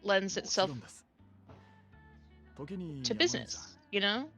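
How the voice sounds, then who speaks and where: A woman's voice: mid-range voice, big pitch swings, slow pace, a bit bright, faint music behind. A woman chatting casually on a gaming stream, teasing friends with lots of filler words.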